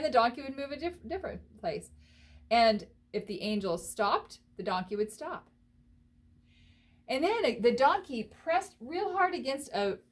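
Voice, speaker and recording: A woman teaching a children's Bible lesson, telling the story in an animated, expressive way and asking the listeners questions. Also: on the high side.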